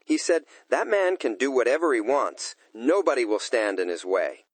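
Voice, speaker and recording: A man's voice: mid-range voice, very animated, moderate pace, dry recording. A man doing a flustered, fawning office manager.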